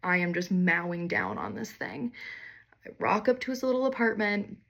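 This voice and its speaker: A woman's voice: mid-range voice, normal speed, vocal fry, a bit bright. A young woman telling a candid, wry personal story in a casual monologue, swearing freely and poking fun at herself.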